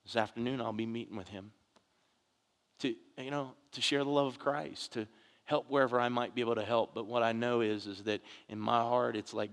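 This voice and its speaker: Speaking briskly in a fairly bright, mid-range voice with a steady tone, this pastor delivers his sermon in a church sanctuary where his words fade into long reverb. He tells earnest stories in a conversational way, often restarting, dropping in "you know", and turning aside to address the congregation.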